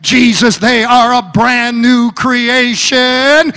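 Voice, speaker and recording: A preacher speaking as a loving heavenly father who thunders his promises in a high, bright, forceful male voice. Each shouted line rings out with the long echo of a large hall. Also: fairly even intonation, slow pace, clear, resonant tone, heavily acted. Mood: proclaiming. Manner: proclaiming, shouting scripture.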